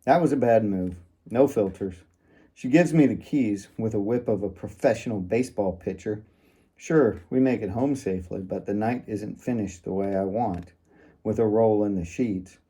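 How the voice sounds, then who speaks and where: A man's voice: on the low side, moderate pace, warm tone, breathy edge. A man reading first-person fiction aloud in a wry, sardonic manner. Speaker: audiobook narrator.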